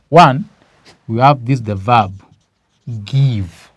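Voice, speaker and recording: Kenyan English male teacher, slow and deliberate, dry close sound. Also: medium pitch, no echo. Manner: slow, emphatic, asks questions then answers them. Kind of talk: classroom grammar lesson.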